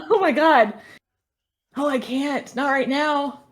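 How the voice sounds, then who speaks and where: A woman co-hosting a livestreamed podcast, bubbly and quick to laugh, easily flustered. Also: sits high, noisy background. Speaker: podcast co-host. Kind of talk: casual livestream chat.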